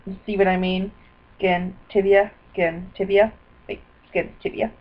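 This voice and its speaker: A woman talking into her computer's webcam in a rambling video diary, scattered and apologetic, with bursts of excitement. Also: medium pitch, unhurried. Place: indoors at a computer. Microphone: built-in computer webcam mic. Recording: dull lo-fi webcam audio.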